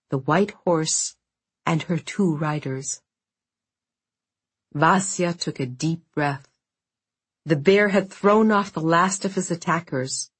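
A woman reading an audiobook in a measured, dramatic storytelling manner. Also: fairly low pitch, husky. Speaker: audiobook narrator. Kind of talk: scripted narration.

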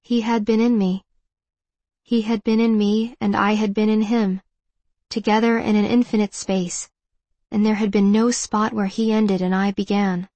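A woman's voice: medium pitch, little pitch movement, normal speed, mellow, no room sound. Woman reading a reflective first-person audiobook. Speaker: audiobook narrator. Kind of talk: first-person scripted narration.

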